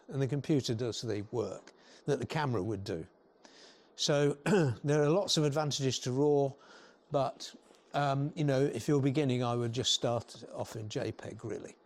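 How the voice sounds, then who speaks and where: An older man giving an informal, rambling talk to a photography club, often clearing his throat and restarting sentences. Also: fairly high pitch. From England.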